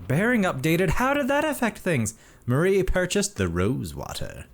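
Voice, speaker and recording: A man doing a chirpy old-timey gentleman with a high, fluttering voice. The tone swoops up and down with prim delight. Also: wildly swooping pitch, normal speed, slight background noise, exaggerated voice.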